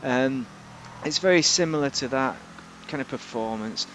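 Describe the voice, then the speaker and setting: Guy chatting over gameplay, rambly and jokey, mid pitched voice. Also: moderate pace, fairly bright tone, a little hiss or hum. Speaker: game video host. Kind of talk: casual game car review commentary.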